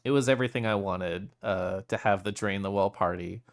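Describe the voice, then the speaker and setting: Male streamer, smooth clear voice, teary and emotional, laughs a lot while chatting at his desk mic. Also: lowish voice, brisk. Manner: emotional, laughs often between sentences. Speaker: streamer reading chat. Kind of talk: casual stream chat.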